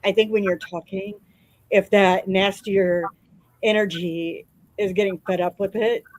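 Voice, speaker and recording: A woman's voice: medium pitch, fairly even intonation, unhurried, a little mellow, dry recording, poor audio. A woman hosting a casual podcast chat, supportive and conversational.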